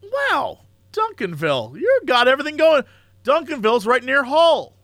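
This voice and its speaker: Animated male co-host, very high and lively, dry close mic. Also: normal speed, dry recording. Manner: animated, laughing often. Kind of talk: casual comedic chat.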